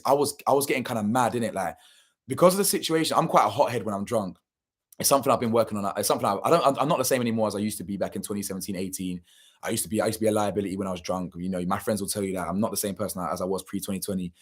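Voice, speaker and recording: A man's voice: fairly low pitch, lively intonation, quick pace, husky. A young man, telling a story casually and animatedly, full of slang and swearing, acting out what people said. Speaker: channel host.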